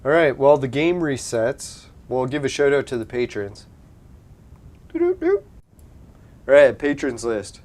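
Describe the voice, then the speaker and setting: A man's voice: medium pitch, expressive, moderate pace, darkish tone. A man hosting a gaming channel, chatting casually over his play, laughing often and swearing freely. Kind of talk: casual let's-play commentary.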